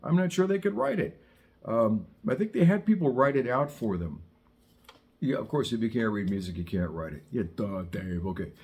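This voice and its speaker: A man's voice: mid-range voice, expressive, normal speed, darkish tone. A middle-aged man teaching saxophone in a casual, chatty way, wandering into wry asides and digressions. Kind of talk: casual spoken lesson. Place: studio in Southern California.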